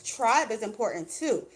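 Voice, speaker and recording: A woman's voice: on the high side, animated, takes it slowly, slight background noise. A woman doing a casual tarot reading for her viewers, chatty and blunt, swearing freely and calling them "baby.". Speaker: tarot reader.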